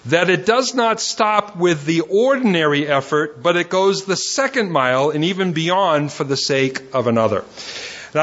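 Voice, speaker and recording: A man's voice: fairly high pitch, a bit bright. A man preaching a sermon in an earnest way, often repeating words as he gives everyday examples. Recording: dull lo-fi sermon recording.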